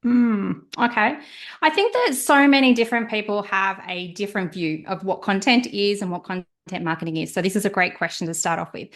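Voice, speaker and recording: A woman with a mid-range voice speaks as a podcast guest. She explains her ideas in an animated, explanatory way. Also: mid-range voice, brisk. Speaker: podcast guest, marketing strategist. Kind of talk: podcast interview.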